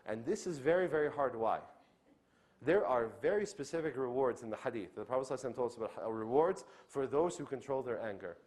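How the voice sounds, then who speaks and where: A man lecturing at a brisk clip with a mid-range voice. He keeps the audience with him through frequent "okay?" check-ins and acts out the voices of the people in his examples. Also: medium pitch. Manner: animated, acts out quoted speech. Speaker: Islamic lecturer. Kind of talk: lecture on inviting others to Islam.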